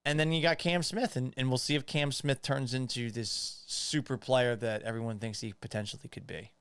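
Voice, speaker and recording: Profane, joking live-stream host. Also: male voice, mid-range voice, steady tone, normal speed, a bit bright, smooth, no room sound. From Boston. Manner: casual, profane, joking with viewers. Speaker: podcast host. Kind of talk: live-stream chat reading. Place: home office.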